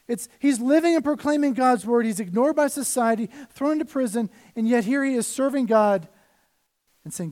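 Male pastor, high voice, casual preaching with loud and soft swings. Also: normal speed. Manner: conversational preaching, rises and drops in volume. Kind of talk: sermon.

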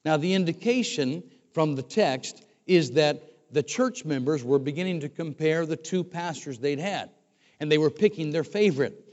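Older pastor preaching in a reverberant church. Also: male voice, a little high, expressive, normal speed, a little mellow. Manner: conversational, repeats words as he restarts. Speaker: former pastor, guest preacher. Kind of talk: sermon. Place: church sanctuary. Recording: dull recording with long hall reverb.

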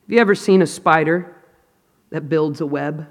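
A man preaching a sermon to a gathered audience, dramatic, swinging from hushed storytelling to loud emphasis. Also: a little high, moderate pace. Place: large hall with an audience. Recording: long hall reverb.

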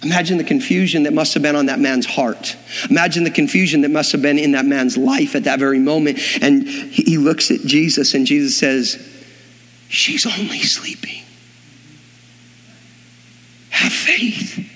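A man's voice: on the high side, fairly even intonation, a little fast. A man preaching a sermon, telling the story dramatically and acting out the voices of the people in it. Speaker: pastor. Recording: long hall reverb.

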